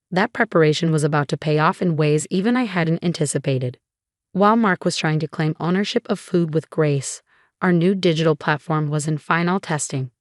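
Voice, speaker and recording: A woman reading a scripted first-person revenge story in an even, measured way. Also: deep voice, no echo, studio quality. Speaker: narrator.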